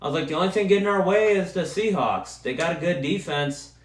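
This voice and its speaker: A young man hosting a podcast, ranting casually and profanely as an excitable sports fan. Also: high voice, a little fast, roomy sound, slight background noise. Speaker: podcast host. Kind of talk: casual solo rant.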